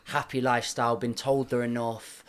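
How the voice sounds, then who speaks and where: A man hosting a podcast, reflecting aloud and gently affirming his guest. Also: mid-range voice, flat delivery, moderate pace. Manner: thoughtful, affirming, many soft backchannels. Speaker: podcast host. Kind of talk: reflective interview chat.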